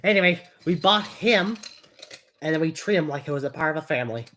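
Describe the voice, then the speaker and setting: A woman's voice: low-pitched, animated, fairly quick, a bit bright, slight background noise. A woman chatting casually on a live stream, rambling and giggling, with lots of fillers.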